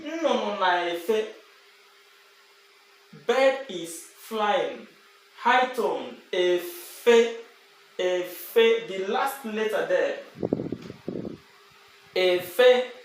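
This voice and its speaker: A man whose first language is Igbo, teaching a language lesson and slowly repeating example words. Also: sits high. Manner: slow and repetitive, drawing out example words. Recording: very echoey room with faint background noise.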